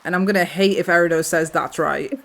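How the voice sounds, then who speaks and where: A woman's voice: on the low side, steady tone, a little fast, creaky, fairly bright tone. A young British woman streaming a farming game, swearing freely and laughing through casual banter. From Britain. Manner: swears often, laughs between lines.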